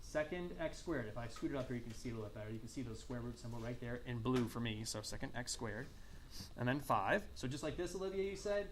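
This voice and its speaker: A man's voice: mid-range voice, quick pace, slight background noise. Man teaching a math class. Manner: asks the class questions and repeats answers; coughs and clears throat now and then. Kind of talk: classroom lecture.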